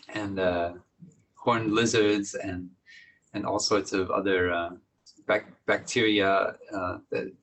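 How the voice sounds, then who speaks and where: A man, a monastic teacher, giving a gentle, reflective dharma talk with many pauses and soft laughs. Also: lowish voice, gravelly, poor audio.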